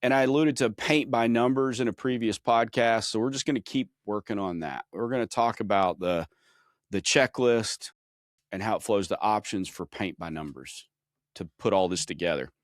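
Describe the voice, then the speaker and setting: A man's voice: fairly low pitch, normal speed, no echo, studio quality. A man hosting a trade-training podcast, explaining with energy and frequent restarts. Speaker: podcast host. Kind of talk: instructional podcast chat.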